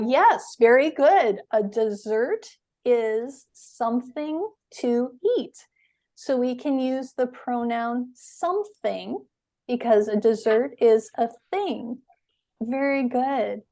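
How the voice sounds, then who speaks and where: A woman teaching English in a webinar, explaining words slowly and patiently with clear stress. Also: a little high, darkish tone.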